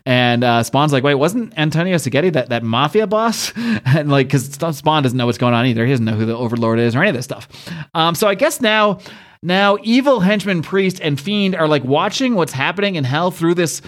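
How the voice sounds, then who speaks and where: A man's voice: a little high, lively intonation, brisk. A man co-hosting a podcast, recapping a comic book in casual chat, laughing often, swearing freely and acting out the characters' lines. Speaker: podcast co-host.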